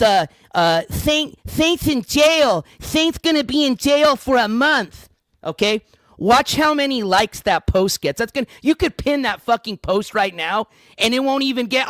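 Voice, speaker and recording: A man's voice: sits high, a bit bright, dry recording, clean studio sound. A man hosting a livestream news show, ranting in an angry, profane, combative way.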